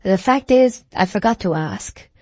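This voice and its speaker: A man's voice: high voice, expressive, a little slow, mellow, no echo. A woman voicing an evasive young male soldier in an audiobook, with a cool, offhand manner. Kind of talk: audiobook character reading.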